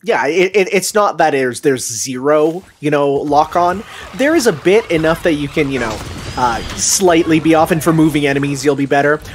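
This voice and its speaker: A man's voice: on the high side, lively intonation, normal speed, a little hiss or hum. A man commenting on a friend's video game playthrough, playful, explaining things and cracking jokes. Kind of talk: casual gameplay commentary.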